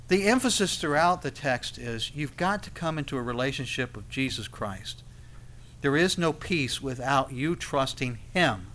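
Bright-voiced preacher delivering a sermon. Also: male voice, on the high side. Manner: emphatic preaching, swings between loud and soft, acts out quoted figures.

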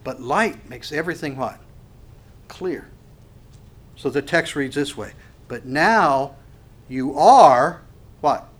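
A man preaching a sermon, swinging from hushed to loud and asking the congregation rhetorical questions. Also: fairly high pitch, lively intonation, slow, pauses often. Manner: acts out quoted voices. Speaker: pastor.

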